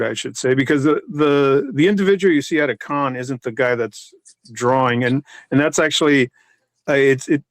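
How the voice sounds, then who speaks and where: A comic artist talking in a casual podcast chat, rambling with many restarts and fillers. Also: male voice, mid-range voice, no room sound.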